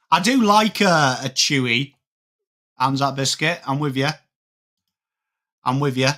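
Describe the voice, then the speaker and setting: A man on a live stream, chatting with viewers and calling the game, with excited outbursts on big plays. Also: medium pitch, unhurried, pauses often. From England. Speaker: watchalong streamer. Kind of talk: live game commentary mixed with chat.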